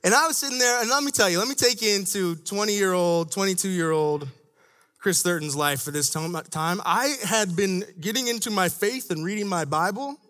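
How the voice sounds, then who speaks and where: Animated high-voiced male preacher. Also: normal speed. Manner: conversational and animated, shifting between low asides and raised emphasis. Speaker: church staff speaker. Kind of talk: sermon.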